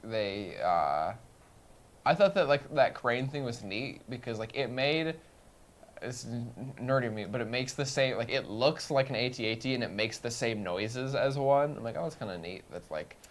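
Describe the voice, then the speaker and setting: A man's voice: mid-range voice, animated, normal speed. A young man co-hosting a casual podcast, chiming in with joking quips. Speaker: podcast co-host. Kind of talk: casual chat.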